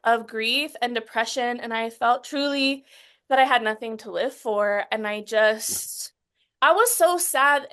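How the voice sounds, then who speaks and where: A woman in her thirties as an interview guest, recounting a painful story in an earnest, halting way with many restarts, sometimes getting emotional. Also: fairly high pitch, fairly bright tone. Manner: gets emotional while recounting.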